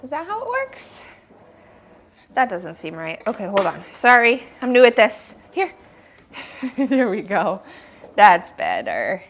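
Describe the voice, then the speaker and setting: A woman's voice: medium pitch, wildly swooping pitch, slow pace, long pauses, a little hiss or hum. A woman vlogging her day at home and on a walk, chatty and cooing to her dogs, speaking into a small clip-on microphone. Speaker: vlogger, small business owner. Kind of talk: casual day-in-the-life vlog.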